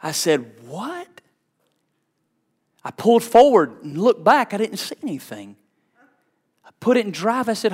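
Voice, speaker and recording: A middle-aged man, a pastor preaching a sermon with personal stories, fervent and swinging from hushed tones to shouts. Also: high voice, sing-song, measured pace, long pauses, slightly rough. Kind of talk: sermon with storytelling.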